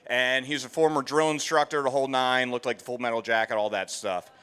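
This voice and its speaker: A man in his forties from outside Philadelphia speaks to an audience with a bright, forceful tone and a smooth, resonant clarity. He tells his story casually and acts out the people in it. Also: mid-range voice, fairly even intonation, fast. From outside Philadelphia, USA. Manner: casual storytelling, quotes others in dialogue. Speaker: featured speaker, veteran. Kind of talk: personal story talk to an audience. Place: expo hall stage.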